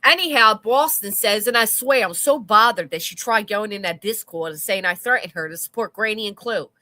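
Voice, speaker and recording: A woman's voice: medium pitch, fairly quick, bright, forceful tone, no room sound. A woman hosting a livestream, reading chat comments aloud with blunt, sarcastic commentary and casual swearing. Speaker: commentary channel host.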